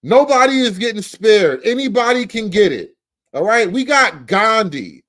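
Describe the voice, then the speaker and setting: A man hosting a comedy commentary show, profane and mocking, stretching out names slowly. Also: sits high, sing-song, a bit bright.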